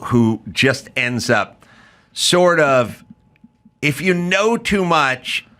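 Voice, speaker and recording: A man's voice: on the high side, lively intonation, very slow, sharp tone. A man hosting a podcast in casual chat, riffing sarcastically and slipping into mock accents. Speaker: podcast host.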